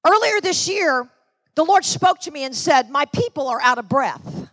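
A woman's voice: sits high, animated, normal speed, a bit bright, dry recording. A middle-aged woman from Florida preaching a sermon to her church with energy, calling out to the congregation. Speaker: pastor.

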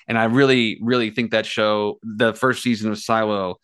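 A man co-hosting a TV podcast, wandering through his thoughts in a relaxed chat and leaning on fillers as he goes. His voice sits low but comes through bright and crisp. The sound is close and dry. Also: normal speed, no echo. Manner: rambling, hedging with fillers. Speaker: podcast co-host. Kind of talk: casual chat.

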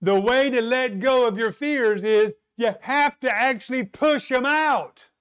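High-voiced, slow-preaching man. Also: fairly bright tone, smooth. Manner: slow, emphatic preaching with dramatic pauses and rhetorical questions. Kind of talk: sermon.

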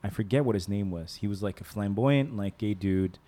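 A man's voice: fairly low pitch, brisk, warm tone. A man chatting casually on a podcast, telling rambling stories, laughing often and mimicking people. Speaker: podcast host. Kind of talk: casual chat.

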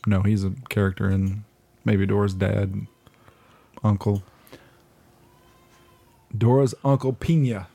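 A man's voice: lowish voice, steady tone, slow, gravelly, pauses often, warm tone, slightly rough. A man co-hosting a casual chat, crude and joking, often trailing off mid-sentence. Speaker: podcast co-host.

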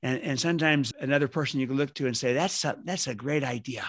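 A man's voice: medium pitch, fast, dry recording. A man being interviewed as an author, telling family stories in an earnest way. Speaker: guest author. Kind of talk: podcast interview.

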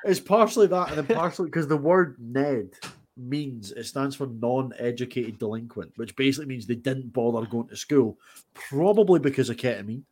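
A man's voice: medium pitch, normal speed, darkish tone, breathy edge. A man in casual chat, teasing the others with a wry tone.

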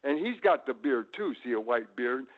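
A man's voice: expressive, moderate pace. Man rambling through stories on a tinny phone line. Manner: rambling, many repeated "and, and" starts; bursts into loud high showman shouts. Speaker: guest, retired pro wrestler. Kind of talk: casual storytelling.

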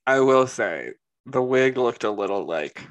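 A man's voice: medium pitch, animated, unhurried, lo-fi sound. A man co-hosting a casual podcast, rambling with lots of fillers and giving blunt opinions. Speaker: podcast co-host. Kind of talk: casual chat.

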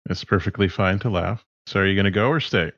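A man narrating as game master in a tabletop game, relaxed and laughing along. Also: low voice, fast talker, dry recording, dull audio.

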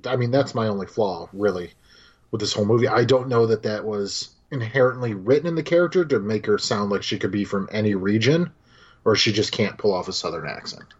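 A man co-hosting a casual film podcast, talking with animated energy, swearing freely and acting out lines from scenes. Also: on the low side, fairly quick, slightly rough, dull audio. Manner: animated, swears, acts out quotes. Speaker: podcast co-host.

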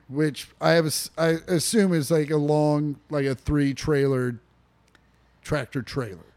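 A young man chats casually as a podcast co-host, rambling through stories with fillers, restarts and plenty of swearing. His voice sits a little on the high side for a man. He talks from a living room. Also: steady tone, a little slow, darkish tone.

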